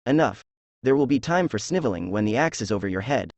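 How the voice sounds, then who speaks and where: A greedy, blustering king, as a male reader voices him. He speaks with menace and a gravelly rasp. The read is dry and close to the mic. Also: medium pitch, animated, fast talker, a little mellow, dry recording. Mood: scheming.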